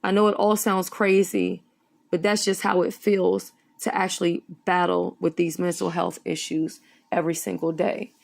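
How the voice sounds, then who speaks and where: A woman's voice: lowish voice, little pitch movement, moderate pace, creaky, a little mellow. A woman giving earnest, serious spoken commentary on a news story as an online commentator.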